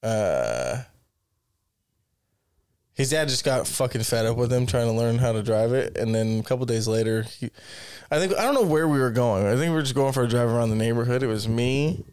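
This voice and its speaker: A man's voice: mid-range voice, lively intonation, moderate pace, darkish tone, clear, resonant tone, dry recording. A man co-hosting a casual podcast chat, telling rambling, profane stories and laughing often. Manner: laughing storyteller, swears a lot. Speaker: podcast co-host.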